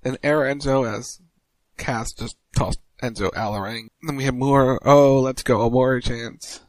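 A man co-hosting a casual podcast, recapping wrestling moves in quick play-by-play style. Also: no echo, rough recording. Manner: rapid recap, mimics crowd chants in a higher voice.

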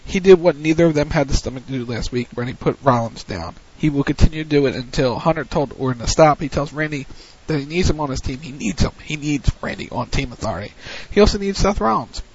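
A man's voice: on the high side, slightly rough. A man hosting a wrestling recap, retelling the action play-by-play in a casual way. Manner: recounts events in a hurried play-by-play, with frequent restarts. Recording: dull lo-fi audio.

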